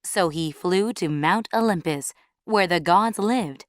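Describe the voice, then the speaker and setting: A woman reading a storybook aloud in a clear, measured way for English learners. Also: lowish voice, no room sound, studio quality.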